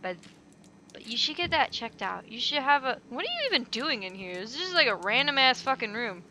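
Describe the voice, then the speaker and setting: Bright-voiced woman muttering through gameplay. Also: sits high, very animated, a little fast, slight background noise. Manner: jittery, swearing, mutters to herself. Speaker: let's play host. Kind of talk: gameplay commentary. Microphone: headset mic flipped up above head.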